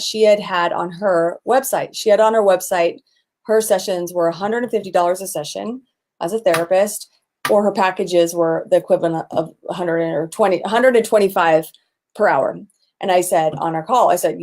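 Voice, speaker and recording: A middle-aged business coach leads a live online coaching session, sounding energetic and enthusiastic at an ordinary middle pitch. Now and then she breaks into excited shouts.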